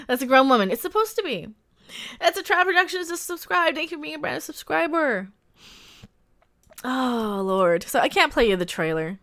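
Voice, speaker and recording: A woman hosting a casual live reaction stream, sarcastic, laughing often and bursting into loud exclamations. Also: sits high, expressive, normal speed, long pauses. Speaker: livestream host reacting to a trailer.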